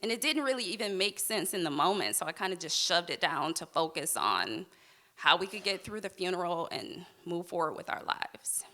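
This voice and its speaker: A woman's voice: on the low side, animated, moderate pace, bright, forceful tone. A woman telling a personal story on a live stage, heartfelt and candid with touches of wry humor.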